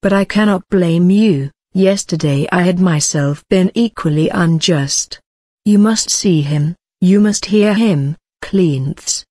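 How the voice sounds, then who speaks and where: A woman voicing a gentle, persuasive young Corinthian man in a storybook reading, speaking calmly and kindly. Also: lowish voice, slow, no echo, clean studio sound. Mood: pleading. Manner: calm, kindly pleading.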